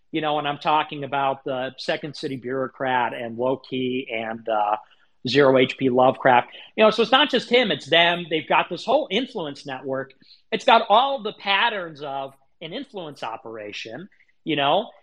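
Male streamer, fairly high-pitched, heated solo rant, swears a lot, stumbles and restarts. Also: fairly bright tone. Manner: indignant, profane, repeats himself. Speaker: livestream host. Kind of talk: heated ranting monologue.

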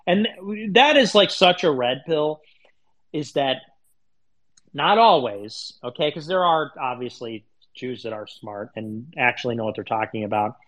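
A man's voice: medium pitch, lively intonation, a little slow, a bit bright, low-quality recording. A man talking in a casual podcast chat as an online commentator, rambling and crude, with lots of fillers.

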